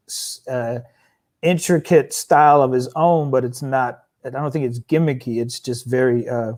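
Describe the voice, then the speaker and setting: A man's voice: medium pitch, a little mellow. A man being interviewed about his music, talking casually and restarting his sentences as he thinks aloud. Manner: halting, restarts often while thinking aloud. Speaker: guest rapper.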